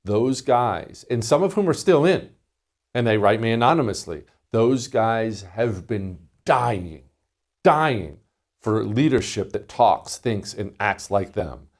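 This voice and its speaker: A middle-aged man hosts a political talk show in a somewhat low voice. He delivers an emphatic, indignant commentary monologue and leans hard on key words. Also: lively intonation, slow pace. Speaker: radio show host.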